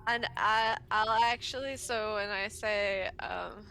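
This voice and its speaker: A woman plays in a tabletop game, speaking slowly and playfully with lots of hesitation. Her voice is bright and clear, with a faint hiss in the background. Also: mid-range voice, steady tone. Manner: slow, playful, hesitant with fillers. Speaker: player. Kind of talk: tabletop role-play.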